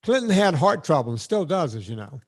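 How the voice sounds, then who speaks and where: A man's voice: fairly high pitch, sing-song, fairly quick. A man hosting a podcast, ranting bluntly and sarcastically in casual chat. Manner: blunt, sarcastic, emphatic rants. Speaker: podcast host.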